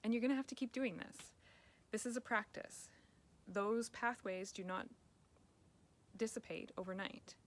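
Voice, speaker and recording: A woman life coach giving gentle, encouraging self-help advice straight to the viewer. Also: fairly high pitch, a little slow, pauses often.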